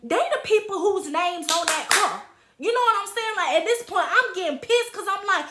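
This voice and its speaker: Young woman vlogger, high-pitched, heated emphatic storytelling, echoey room. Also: animated, moderate pace, fairly bright tone. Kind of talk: storytime vlog. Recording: roomy echo.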